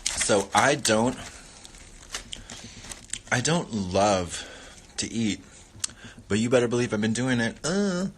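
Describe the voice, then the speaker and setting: A man's voice: fairly low pitch, slow pace, pauses often, slight background noise. A man hosting a casual livestream, chatting playfully while he eats and rambling between muttered catchphrases. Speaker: livestream host.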